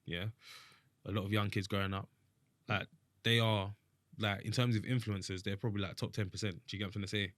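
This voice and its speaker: Fast-talking young man, dry sound. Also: fairly low pitch, fairly even intonation, fairly bright tone, no echo. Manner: rapid, keeps checking he is understood. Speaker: podcast co-host. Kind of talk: casual chat.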